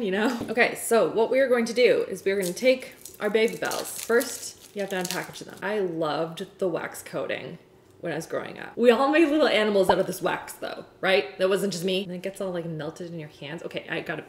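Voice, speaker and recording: A woman's voice: mid-range voice, slight background noise. A young woman chatting casually through a cooking vlog in her home kitchen, bubbly and giggly. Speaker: cooking vlogger. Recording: echoey kitchen room.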